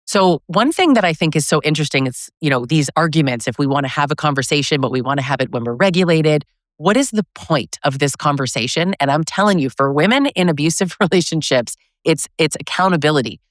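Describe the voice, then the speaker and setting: A woman's voice: deep voice, expressive, fast, no echo, clean studio sound. Earnest woman podcast host asking questions. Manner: earnest, rambling questions with restarts. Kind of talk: podcast interview.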